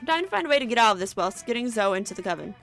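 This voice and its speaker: A woman's voice: on the high side, very animated, racing, vocal fry, fairly bright tone, faint music behind. A woman narrating a comedic dating-sim playthrough in a playful storytelling manner. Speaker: narrator and player.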